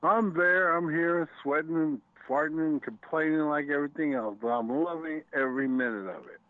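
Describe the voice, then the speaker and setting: A man's voice: a little high, moderate pace, dry recording. A male caller on a talk radio show who chats in a folksy, joking way. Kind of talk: call-in chat. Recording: tinny dry phone line.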